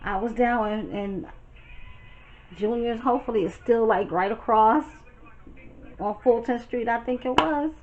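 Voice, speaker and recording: Brooklyn woman, lively profane storyteller; muffled lo-fi recording, faint noise behind. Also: on the high side, measured pace, long pauses. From Brooklyn, New York. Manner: animated, profane, chatty, talks straight to viewers. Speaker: storytime vlogger. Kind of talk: casual storytelling.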